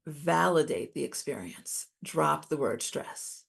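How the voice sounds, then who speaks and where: A middle-aged woman giving a calm, explanatory talk on coping with stress, as presenter. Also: low-pitched, takes it slowly, creaky. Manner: calm, validating, explains step by step.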